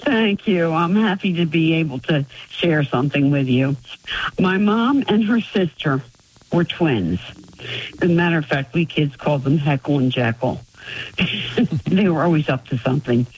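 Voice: medium pitch, lively intonation, moderate pace, breathy edge, low-quality recording. A caller from Florida telling a family story on a radio call-in show, chuckling often. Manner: storytelling, warm with frequent chuckles.

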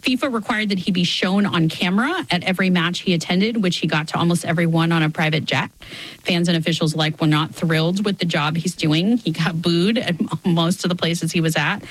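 A woman's voice: on the low side, brisk, rough recording. A woman hosting a radio interview in a conversational, lightly joking manner. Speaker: radio show host.

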